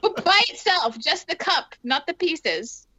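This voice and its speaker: A woman's voice: high voice, lively intonation, measured pace, dull audio, a crowd in the background. A woman co-hosting a casual podcast, giggly and playful as she chats. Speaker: podcast co-host. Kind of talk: casual chat.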